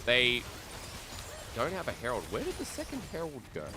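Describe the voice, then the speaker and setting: A young Australian man calling esports play-by-play, whose rapid calls climb to shouts during fights. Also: medium pitch, wildly swooping pitch, noisy background.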